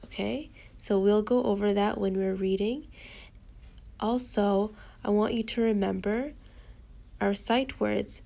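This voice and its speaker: A woman's voice: medium pitch, vocal fry, a little mellow. A woman teacher reading a picture book with a young child, patiently explaining each step.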